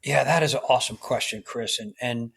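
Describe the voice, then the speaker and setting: A man's voice: mid-range voice, fairly quick, gravelly, a bit bright, husky. A man, a guest on a podcast interview, speaking earnestly and emphatically as a men's coach, often checking in with "right?".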